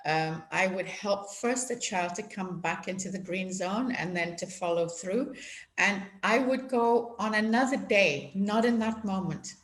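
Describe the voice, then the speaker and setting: A woman guest giving gentle, explanatory parenting advice in a conversational interview. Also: mid-range voice, measured pace. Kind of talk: conversational advice on video call. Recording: echoey room with faint noise.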